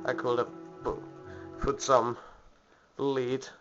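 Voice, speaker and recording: A man commentates on a video game in a slow, sarcastic way, sometimes slipping into a mock-posh British voice. The recording is dull and lo-fi, with faint game music behind him. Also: medium pitch, level tone, a bit bright. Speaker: let's play gamer.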